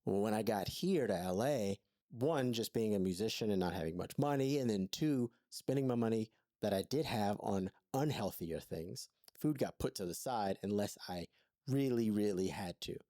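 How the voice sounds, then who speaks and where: A man's voice: lowish voice, animated, moderate pace, dark tone, dry recording, studio quality. A man co-hosting a podcast, telling his story in an earnest, thoughtful way in an intimate conversation. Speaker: podcast co-host.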